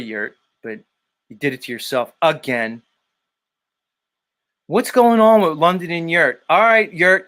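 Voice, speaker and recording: A man's voice: a little high, fairly bright tone. Teasing man hosting a live stream. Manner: blunt, teasing, swears freely. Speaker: live stream show host. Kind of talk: casual live stream chat, reading chat messages.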